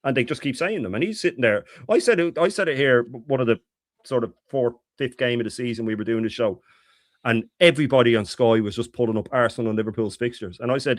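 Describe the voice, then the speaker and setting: A man's voice: mid-range voice, animated, fast talker, no room sound, clean studio sound. A man, a guest on a casual live panel, talking with passion and emphasis. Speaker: guest YouTuber.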